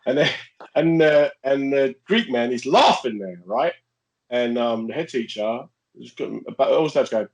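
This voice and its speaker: A man's voice: mid-range voice, measured pace, rough recording. A man telling stories in a casual, jokey podcast chat. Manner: animated, jokey, laughs often. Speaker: podcast co-host.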